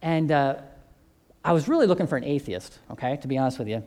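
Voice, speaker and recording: A man's voice: medium pitch, expressive, fast, a little mellow. A man who teaches a church faith course, telling a testimony story and acting out both sides of the conversations.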